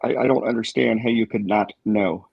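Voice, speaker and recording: Casual co-host: gravelly, breathy-edged man, halting and reflective, dry mic. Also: fairly low pitch, fairly even intonation, no room sound, dull audio. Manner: thoughtful, halting with many fillers. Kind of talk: casual group chat.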